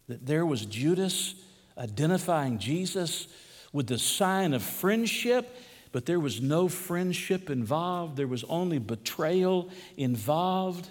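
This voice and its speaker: A male pastor delivering a sermon, swinging between hushed, slow lines and raised, emphatic ones. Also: fairly high pitch, expressive. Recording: long hall reverb.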